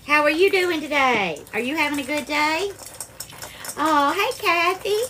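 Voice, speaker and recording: A woman's voice: sits high, expressive, measured pace, sharp tone, slight background noise. A woman with a Southern accent hosting a live cooking stream from her home kitchen, chatting affectionately with viewers and calling them darling. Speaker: cooking livestream host.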